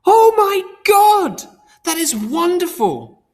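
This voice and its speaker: A woman's voice: fairly low pitch, sing-song, moderate pace, fairly bright tone, voice pushed up. A man voicing an overjoyed mother on the phone, shrieking with delight. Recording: long hall reverb.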